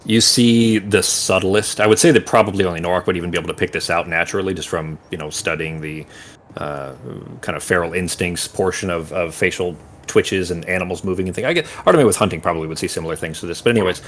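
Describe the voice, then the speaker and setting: A man's voice: deep voice, fast talker, a bit bright, a little hiss or hum. A man running a tabletop game as game master, rambling and searching for words while he describes scenes in vivid detail.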